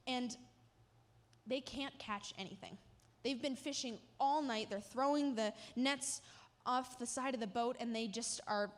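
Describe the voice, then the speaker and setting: A woman giving a sermon, retelling a story vividly with emotional emphasis. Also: fairly high pitch. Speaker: church speaker. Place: church. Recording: long hall reverb.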